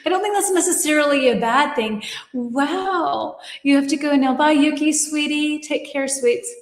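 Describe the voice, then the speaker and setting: A high-sitting woman's voice at a moderate pace, heavily reverberant with a long tail. The speaker is an English teacher and livestream host working from a home studio in Germany; she's chatty and upbeat, reads out viewers' comments, and laughs at her slips.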